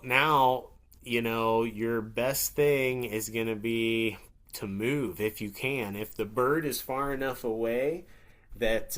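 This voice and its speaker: A man teaching a beginner webinar in a relaxed, conversational way, sometimes acting out little scenes in playful voices. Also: medium pitch. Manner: conversational, acts out turkey scenarios with playful voices. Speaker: hunting instructor. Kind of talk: webinar lesson.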